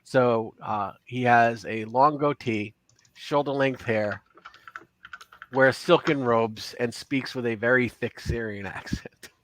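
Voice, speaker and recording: A man narrating as game master of a tabletop role-playing game, relaxed, with many fillers. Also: mid-range voice, slow pace.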